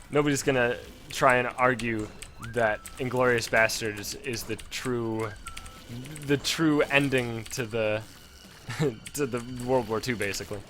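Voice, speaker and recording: A man's voice: mid-range voice, a bit bright, slight background noise. Rambling young man streaming a game. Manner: rambling, many fillers and restarts. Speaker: gaming streamer. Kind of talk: casual commentary while playing.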